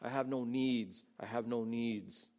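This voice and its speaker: A man's voice: medium pitch, unhurried, darkish tone. A man preaching a sermon in a casual, conversational way, acting out the people he quotes. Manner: conversational, acts out quoted voices. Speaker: pastor.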